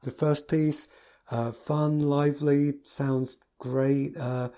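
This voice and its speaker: A man's voice: a little high, little pitch movement, slow, mellow. A man, a piano teacher, giving a casual spoken review from his notes, enthusiastic and gushing with adjectives.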